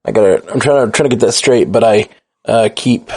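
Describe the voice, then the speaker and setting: A man's voice: lowish voice, brisk, a little mellow, slightly rough. A man co-hosting a podcast in casual chat, rambling and correcting himself as he talks. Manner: rambling, self-correcting, easygoing. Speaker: podcast co-host.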